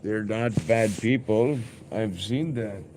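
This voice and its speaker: A man's voice: fairly low pitch, slow pace, noisy background. A young man streaming live, rambling and musing aloud in an introspective way, often repeating himself.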